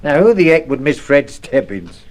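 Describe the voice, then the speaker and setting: A man's voice: a little high, very animated, normal speed. A man playing a cheerful, evasive working-class father, in 1950s radio acting. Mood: breezy evasive. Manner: chirpy, jokey, brushes questions off.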